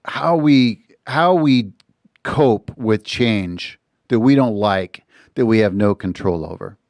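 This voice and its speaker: A man's voice: on the low side, slow pace, no room sound. A middle-aged man hosting a podcast from a recording studio, telling a story casually and animatedly, acting out other people's lines as he goes. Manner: animated, slips into voices when quoting others. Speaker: podcast host.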